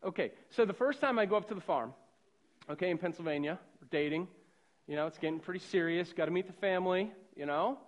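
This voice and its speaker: Delivering a sermon, a middle-aged man from suburban Boston spins a casual, rambling story that swings between soft and loud. He speaks fast in a high register.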